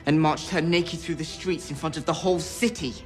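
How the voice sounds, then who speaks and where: An earnest young king with a very posh RP accent presses an indignant plea, played by a young man. His voice sits a little high, with soft music under it. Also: steady tone, fairly quick, natural voice. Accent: posh English RP.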